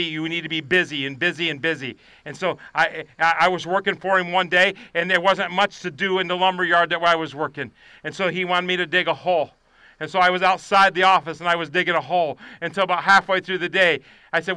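Bright, crisp-voiced preaching man. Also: no room sound. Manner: swings from shouted preaching to quiet, low confiding. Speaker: pastor. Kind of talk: sermon.

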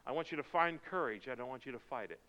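A man preaching a sermon, moving from quiet, intense passages to loud, fervent pleading. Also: medium pitch, animated, fast. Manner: swings from quiet intensity to shouted fervor. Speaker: pastor. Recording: dull sound with long reverb in a hall.

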